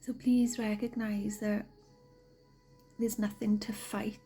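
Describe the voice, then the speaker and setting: Soft woman with a cold, talks slow and half whispery, mellow dark voice. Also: mid-range voice, little pitch movement, faint music behind, rough recording. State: has a cold, sniffly. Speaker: spiritual card reader. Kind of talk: soft-spoken spiritual guidance.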